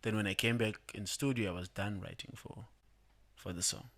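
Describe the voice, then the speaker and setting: A young man, a rapper, calmly explaining his songs in a casual podcast chat, laughing often. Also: on the low side, moderate pace. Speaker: guest rapper.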